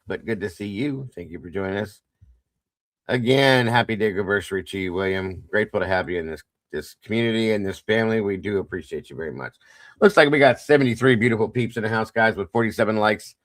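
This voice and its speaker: Low-voiced man greeting livestream viewers. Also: no room sound, clean studio sound. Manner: greets viewers one by one, playful sing-song asides. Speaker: livestream host. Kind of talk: casual livestream chat.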